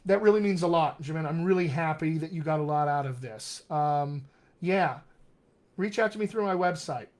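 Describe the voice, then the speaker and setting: Guy coaching on a live stream, chatty and upbeat, voice sits a bit high. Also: moderate pace, darkish tone. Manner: upbeat and encouraging, reads out viewer comments. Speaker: dialect coach hosting a live Q&A. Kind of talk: casual live-stream chat.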